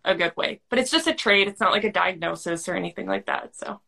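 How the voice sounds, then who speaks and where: A woman's voice: lowish voice, fast, gravelly, sharp tone. Chatty woman explaining, full of "like". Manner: chatty, lots of "like" fillers, earnest. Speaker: guest expert on high sensitivity. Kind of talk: casual conversational explanation.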